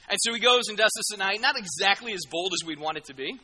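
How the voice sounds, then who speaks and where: Man, preacher, sermon, high bright voice, animated and jokey, long hall reverb. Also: fast, hardly any pauses. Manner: animated, jokey, acts out voices of people in the story.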